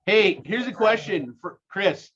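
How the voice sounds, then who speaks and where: A man in his forties with a Utah accent, giving an energetic seminar talk and rallying his listeners with questions. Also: sits high, a little slow, breathy edge, highs cut off. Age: 40s. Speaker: guest speaker. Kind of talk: live seminar presentation.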